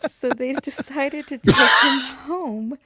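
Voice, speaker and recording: A woman's voice: sits high, slow pace, pushed and bright, no room sound. A woman co-hosting a podcast, casually telling a history story, laughing through her lines and swearing often.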